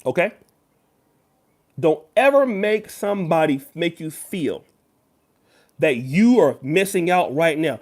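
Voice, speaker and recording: A man's voice: a little high, expressive, slow, long pauses, a little mellow. A man giving emphatic direct-to-camera commentary as a YouTuber, lecturing the viewer. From United States.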